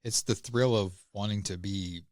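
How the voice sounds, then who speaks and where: A man with a fairly low voice chats on a podcast in a halting, easygoing way. He stops, restarts and hunts for words. The sound is close and dry. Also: fairly even intonation, darkish tone, dry recording. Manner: hesitant, with many fillers and restarts. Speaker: podcast co-host. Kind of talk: casual chat.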